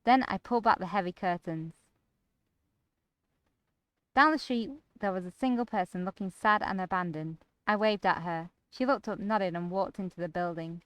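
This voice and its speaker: A woman's voice: medium pitch, moderate pace, clean tone, no echo, lightly acted. A woman reading the part of a troubled young man with lost memories, hesitant and uneasy as she narrates in his first person. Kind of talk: reading a visual novel aloud.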